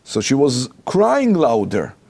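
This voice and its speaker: A man with an Israeli accent, a rabbi and interview guest, telling a personal anecdote in animated, halting, non-native English. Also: medium pitch, husky.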